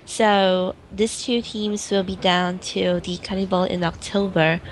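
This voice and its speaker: A woman's voice: fairly low pitch, a little hiss or hum, rough recording. A woman giving tournament details in a casual, hesitant way, with fillers. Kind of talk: casual announcement.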